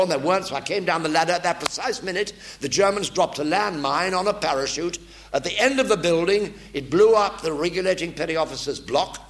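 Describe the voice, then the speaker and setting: An older man giving a lively storytelling talk to an audience in a theatre. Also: fairly high pitch, a little hiss or hum. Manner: animated anecdotal delivery, voice swings from hushed to loud. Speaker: war veteran speaker. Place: theatre stage.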